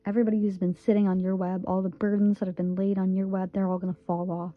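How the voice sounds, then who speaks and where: A woman's voice: medium pitch, little pitch movement, fast talker, dry recording, phone-quality sound. A woman in her twenties from Michigan, giving a casual, earnest tarot reading and repeating phrases for emphasis. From Michigan, USA. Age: 20s. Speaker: tarot reader.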